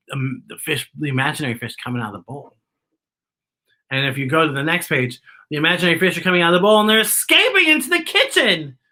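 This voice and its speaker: A woman hosting a children's story time, reading a picture book aloud and talking playfully and directly to young listeners. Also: deep voice. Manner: playful, animated, talks straight to kids.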